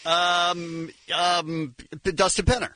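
A man co-hosting a radio talk show, lively and jokey. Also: high-pitched, drawn-out words, dry recording, low-quality recording. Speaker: radio co-host.

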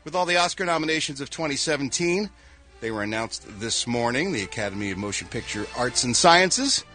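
Guy radio host cracking jokes over the news, bright forceful voice, faint music under. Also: medium pitch, lively intonation, fairly quick. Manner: wisecracking, reading news items. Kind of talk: casual morning show chat.

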